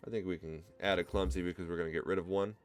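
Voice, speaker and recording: A man with a Midwestern accent, casually commenting on his own card game run and thinking out loud to viewers. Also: low-pitched, steady tone, very fast. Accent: American Midwest. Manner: thinks aloud, explains card choices to viewers. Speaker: gameplay commentator. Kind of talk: relaxed let's-play commentary.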